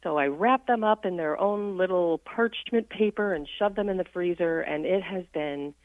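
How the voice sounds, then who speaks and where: A woman's voice: fairly low pitch, moderate pace, dry recording. A woman calling in as a radio guest, talking about faith in an earnest, reflective way and laughing easily. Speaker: guest on a Catholic radio show. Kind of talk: casual spiritual chat on air. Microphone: phone call. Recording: tinny dry phone line.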